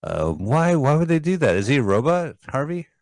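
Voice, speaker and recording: A man's voice: fairly high pitch, big pitch swings, normal speed, darkish tone. A man co-hosting a casual radio chat, joking and riffing on what his partner says. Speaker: radio co-host. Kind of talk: casual chat about movies.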